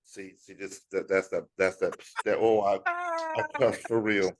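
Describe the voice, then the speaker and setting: A man, co-hosting a sports podcast in casual, slang-heavy banter and animated rants. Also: on the low side, a little slow, a little hiss or hum. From Fayetteville, North Carolina. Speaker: podcast co-host.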